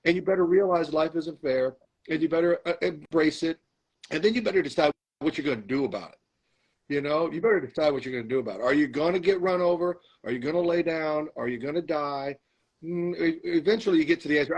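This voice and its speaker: A middle-aged man telling stories as a podcast guest, animated, acting out arguments with himself. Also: on the high side, breathy edge, poor audio. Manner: animated storyteller, acts out arguing with himself. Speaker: guest, comedian and actor. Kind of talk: storytelling in a podcast interview.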